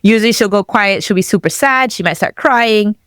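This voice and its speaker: A young adult woman telling her own story as a podcast guest, animated and acting out the voices of the people in it, laughing often. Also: mid-range voice, fairly quick, smooth, no room sound, studio quality. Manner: animated, acts out quoted dialogue, laughs often. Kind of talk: personal storytelling.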